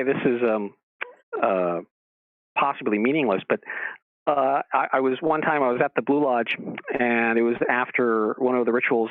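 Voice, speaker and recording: A man's voice: medium pitch, dry recording. A man being interviewed as a guest, telling stories casually and acting out the dialogue in a raised voice. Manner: animated storyteller who acts out quoted dialogue in a raised voice. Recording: tinny phone line.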